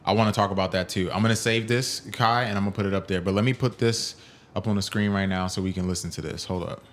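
This solo fighting-sports podcaster has a deep, slightly bright voice with a steady tone and quick pace, and there's slight background noise. Reacting to chat and clips, he launches into heated, profane rants, getting louder as he gets upset.

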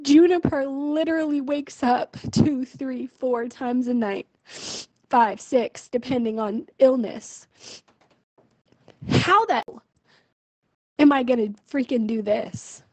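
A woman's voice: high voice, slow pace, pauses often, dry recording, low-quality recording. A young woman venting her frustration in a personal video diary, emotional and full of fillers. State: pregnant. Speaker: vlogger.

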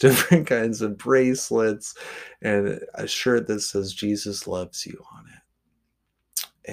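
A man's voice: lowish voice, vocal fry. A man from the Portland area hosting a podcast, telling a story casually with lots of swearing and filler words. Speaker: podcast host.

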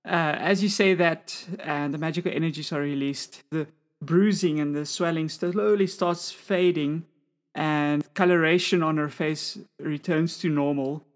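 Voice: medium pitch, steady tone, a little slow. A game master describing scenes and calling for rolls in a tabletop game.

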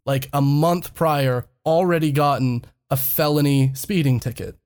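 A man's voice: on the high side, steady tone, unhurried, darkish tone, clean tone. A young man casually telling a funny story on a podcast, swearing freely and laughing often as he talks. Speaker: podcast host.

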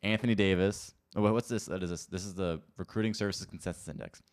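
Young male co-host, very deep and smooth, brisk jokey delivery. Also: steady tone. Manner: brisk, reads out lists, jokey. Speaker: podcast co-host. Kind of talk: casual sports chat.

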